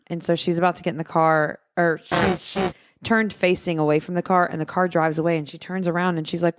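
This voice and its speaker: A woman's voice: fairly low pitch, steady tone, a little fast, dry recording, clean studio sound. Playful, giggly woman podcast co-host. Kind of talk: casual movie recap chat.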